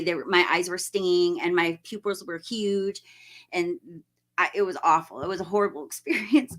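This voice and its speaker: A woman's voice: on the low side, bright, forceful tone. A woman hosting a casual live stream, chatting and greeting viewers by name, laughing often.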